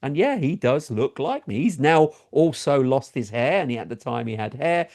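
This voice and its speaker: A middle-aged man from England, telling a story in casual chat as a talk show co-host and doing high voices for quoted people. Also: animated, normal speed, a little mellow.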